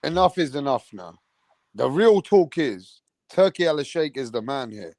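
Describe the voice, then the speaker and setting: A man on a boxing talk panel who speaks forcefully and demands his turn to talk. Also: medium pitch, sing-song, measured pace, dry recording, clean studio sound. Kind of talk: heated panel debate.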